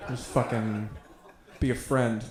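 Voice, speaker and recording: A man's voice: medium pitch, level tone, takes it slowly, a little mellow. A young man doing a stand-up comedy set, telling profane, self-deprecating stories. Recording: echoey room sound.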